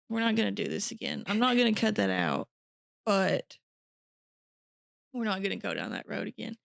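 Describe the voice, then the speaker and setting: A woman's voice: medium pitch, huge pitch swings, moderate pace, gravelly, long pauses, no room sound, clean studio sound. A woman co-hosting a podcast, chatting in a giggly, rambling, self-deprecating way. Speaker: podcast co-host. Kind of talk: casual chat.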